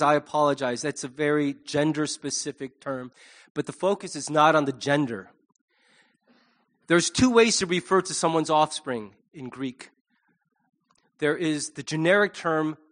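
A middle-aged male pastor preaches with a fairly high voice. Animated and lively, he slips into quick voices for the people he quotes.

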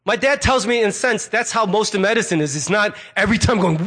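A middle-aged male pastor delivering a sermon in a loose, conversational way, with a fairly high voice for a man. He slips into quick quoted asides as he talks. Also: expressive, sharp tone.

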